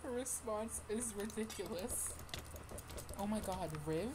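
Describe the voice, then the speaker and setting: Loud, swearing woman on noisy voice chat. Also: medium pitch, unhurried. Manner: loud, swearing, laughing, animated storytelling. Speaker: gaming channel co-host. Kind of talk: casual gaming chat with friends. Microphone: headset with push-to-talk.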